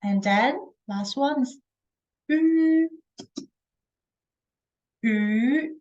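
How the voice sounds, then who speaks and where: A woman teaching pronunciation in English, patiently modelling each tone with drawn-out vowel sounds. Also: fairly high pitch, darkish tone, highs cut off. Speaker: Chinese language teacher. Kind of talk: slow pinyin tone lesson.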